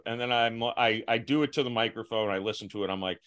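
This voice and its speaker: A man's voice: medium pitch, quick pace, fairly bright tone, clear, resonant tone. A young man hosting a podcast in casual chat, stopping and restarting his thoughts with self-mocking asides. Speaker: podcast host.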